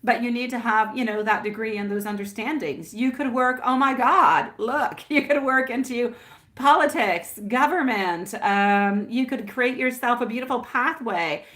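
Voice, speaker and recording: Chatty lady doing live tarot, bright voice, calls everyone sweetie pie, laughs a lot. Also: on the high side, normal speed. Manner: affectionate, sprinkles endearments like my love and sweetie pie. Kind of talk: casual live-stream chat.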